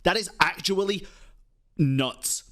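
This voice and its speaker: A woman streaming a video game, reacting excitedly in casual chat, saying bro and dude and swearing. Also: fairly low pitch, slow.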